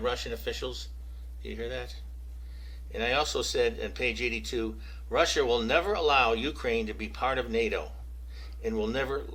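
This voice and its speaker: A man's voice: lowish voice, fairly bright tone, slightly rough, low-quality recording. An American man giving casual, opinionated political commentary, addressing viewers directly with rhetorical questions. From United States.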